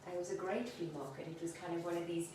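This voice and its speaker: A woman's voice: fairly low pitch, fairly even intonation, fast, darkish tone, distant mic, slight background noise. A woman chats through a cooking demo and wanders happily off into stories. Her voice sits some way from the mic and rings around a hard, echoey room, with faint ambience underneath. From South Africa. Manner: chatty, rambling, laughs easily. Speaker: home cook hosting a cooking video. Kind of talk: casual cooking demonstration and chat. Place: home kitchen.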